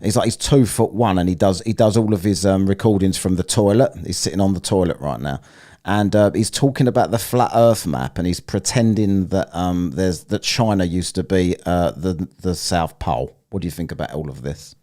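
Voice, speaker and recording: A man's voice: low-pitched, moderate pace, dark tone. A man hosting a live stream, rambling, teasing and swearing freely in casual chat.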